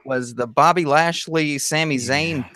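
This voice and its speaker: A man chatting on a podcast in a slightly higher voice, recorded close and dry. He jokes constantly and laughs at his own quick asides. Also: sharp tone, dry recording. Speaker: podcast co-host. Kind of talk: casual chat.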